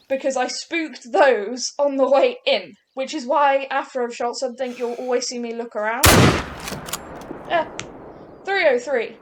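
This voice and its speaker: A woman's voice: sits high, a little hiss or hum. Chatty woman narrating gameplay. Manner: chatty, rambling, self-correcting. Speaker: gaming channel host. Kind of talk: casual gameplay commentary.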